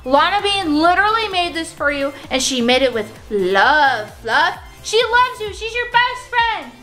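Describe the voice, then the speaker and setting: A young woman vlogger play-acting a birthday party with plush toys, gushing and excitable, full of gasps and "like". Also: extremely high pitch, measured pace, echoey room, soft background music. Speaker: vlogger staging a toy pet party.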